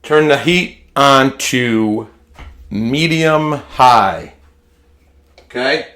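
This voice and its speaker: A man walks through a home recipe in his kitchen. He takes his time and talks in a relaxed, unhurried way, folksy and chatty. He often repeats words and restarts phrases, in a mid-range voice. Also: medium pitch. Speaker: home cooking vlogger. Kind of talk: casual cooking demonstration.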